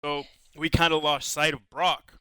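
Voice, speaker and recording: A man's voice: fairly high pitch, little pitch movement, unhurried, pushed and bright, clear, resonant tone, no echo. A young American man on a podcast, telling long, profane stories full of "like". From United States. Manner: profane, rambling storytelling full of "like". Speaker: podcast co-host. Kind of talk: casual podcast chat.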